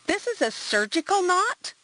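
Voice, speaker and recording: A woman reading aloud, voicing a blunt female homicide detective who asks sharp questions. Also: high-pitched, expressive, unhurried, no echo, pitched above the performer's own voice, rough recording. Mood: probing.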